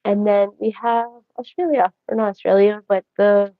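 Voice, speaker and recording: A woman's voice: mid-range voice, fairly even intonation, moderate pace, no echo. Chatty woman on a livestream. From Canada. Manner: rambling, chatty and joking, talks straight to viewers. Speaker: livestream host. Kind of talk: casual livestream chat. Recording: dry, dull lo-fi audio.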